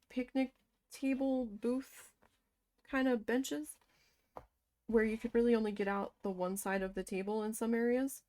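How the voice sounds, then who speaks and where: A woman casually telling a story from her past, animated and swearing as she quotes her own shocked reactions. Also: fairly high pitch. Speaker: crafting vlogger.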